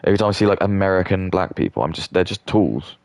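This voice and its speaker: Deep gravelly British man ranting. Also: fast, a little mellow, no room sound. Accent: British English. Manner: stammering restarts, blunt and ranting. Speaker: streamer. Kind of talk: rambling casual rant.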